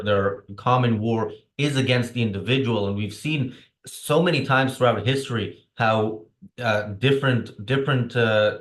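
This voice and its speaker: A jet-lagged man co-hosting a casual political discussion, speaking haltingly and restarting often. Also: fairly low pitch, fairly bright tone. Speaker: podcast co-host. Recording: roomy echo.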